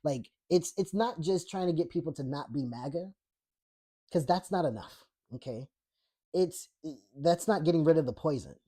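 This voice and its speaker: Profane laughing podcast host, mellow voice. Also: male voice, on the high side, expressive, normal speed, slightly rough. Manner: profane, blunt and laughing often; rambling with many fillers and restarts. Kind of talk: casual political rant reading live chat.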